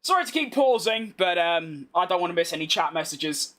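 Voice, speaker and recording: High-voiced young British man streaming. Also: animated, a bit bright. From United Kingdom. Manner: chatty, quick reactions to the race, self-mocking. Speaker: gaming streamer. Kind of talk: live gameplay commentary while reading chat.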